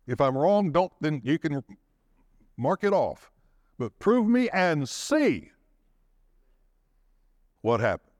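A man preaching with a lively, wide-ranging voice that climbs to emphatic peaks and drops low again. He calls out to his congregation for a response. The recording is dry and close, with no room echo. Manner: dramatic swings in pitch and pace, rising to shouts of emphasis. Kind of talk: sermon.

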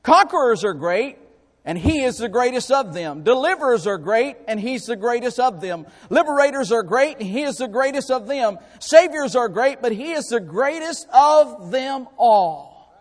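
A man preaching a sermon, emphatic and repetitive, his voice climbing louder and higher to drive home points. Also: animated, moderate pace. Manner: emphatic, rises in pitch and volume for rhetorical points; repeats and restarts words while preaching. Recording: long hall reverb.

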